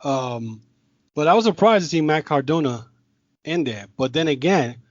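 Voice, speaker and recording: A man's voice: fairly high pitch, expressive, normal speed, no echo, muffled recording. A man hosting a podcast, chatting casually about wrestling and rambling through his opinions with frequent restarts. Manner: rambling, with many restarts and filler. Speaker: podcast host. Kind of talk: casual chat.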